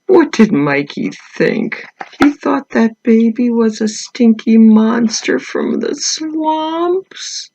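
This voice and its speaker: Woman reading a kids book out loud, slow and lively, keeps asking the kids questions. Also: a little high, highs cut off. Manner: gentle, asks the listening children questions; animated storyteller. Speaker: children's author. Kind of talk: reading a picture book aloud to children.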